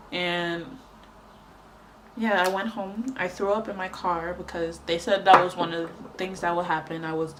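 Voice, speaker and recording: A woman's voice: fairly low pitch, fairly bright tone, a little hiss or hum. A young woman telling a rambling story in casual chat while doing her makeup, with lots of fillers. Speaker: beauty vlogger.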